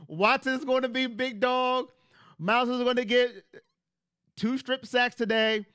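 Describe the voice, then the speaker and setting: Bright high-voiced man streaming to chat. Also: steady tone, slow, clean tone, no echo, clean studio sound. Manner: emphatic, repetitive, talks straight to chat. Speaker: fan livestream host. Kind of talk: casual livestream chat. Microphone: headset.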